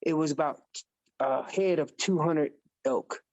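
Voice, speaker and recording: A man guest on a podcast, telling a hunting story in a casual, animated way and acting out the dialogue. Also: on the high side, measured pace, highs cut off. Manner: animated storyteller who acts out quoted dialogue. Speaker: podcast guest, elk calling champion.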